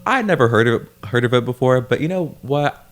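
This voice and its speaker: A man's voice: mid-range voice, expressive, a little fast. A young man as a podcast guest, teasing playfully in casual banter.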